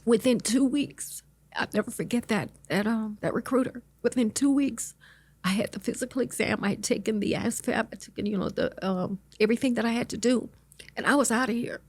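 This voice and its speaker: A middle-aged woman telling her life story as an interview guest, earnest and halting, with many restarts. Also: on the high side, a little mellow, husky, no echo.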